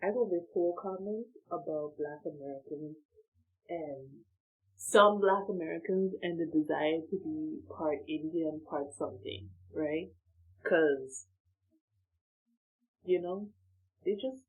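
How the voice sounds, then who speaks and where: A woman from Saint Martin telling a story in a casual, animated way, laughing between lines and using lots of slang. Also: sits low, measured pace, long pauses, slightly rough, phone-quality sound. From Saint Martin, Dutch Caribbean.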